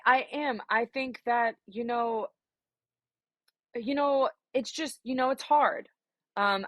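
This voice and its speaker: Young woman singer talking candid in an interview, lowish voice, dry close sound, swears a bit. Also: fairly bright tone, no room sound. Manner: reflective, frank, swears freely, many fillers. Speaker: singer-songwriter guest.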